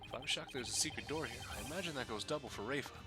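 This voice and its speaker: A man's voice: medium pitch, racing, loud music behind the voice, lightly acted. A man reading aloud the lines of an adult male defense lawyer, with a dry inner-monologue delivery. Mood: wry. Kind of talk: reading game dialogue aloud.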